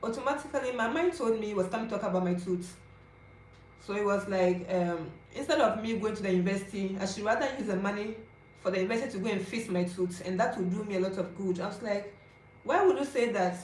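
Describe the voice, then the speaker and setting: Fast and a bit dark in tone, a mid-range female voice belongs to a vlogger in her twenties with a Ghanaian English accent. She shares her personal story in a chatty, confiding way, checking in with viewers, over a little hiss or hum, roomy echo and faint ambience.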